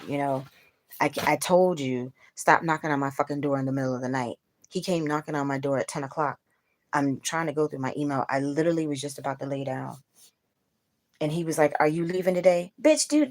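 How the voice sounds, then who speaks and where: Low-pitched woman venting on her live stream, cussing a lot, blunt and chatty with viewers. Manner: profane, blunt, ranting; talks straight to viewers. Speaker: livestream host. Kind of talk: casual venting livestream.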